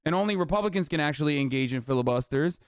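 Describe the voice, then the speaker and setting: Racing along in an expressive, on-the-high-side voice with a clean tone, a thirtysomething man curses and snipes sarcastically about politics during a live stream, reading chat aloud. The recording is dry.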